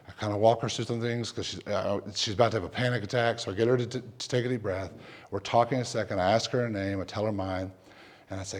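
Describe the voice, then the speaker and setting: A middle-aged male pastor telling a personal story in a sermon, lively at times and dropping to a soft hush when he prays. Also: medium pitch, a little fast. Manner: animated storyteller, drops to a soft hush for prayer.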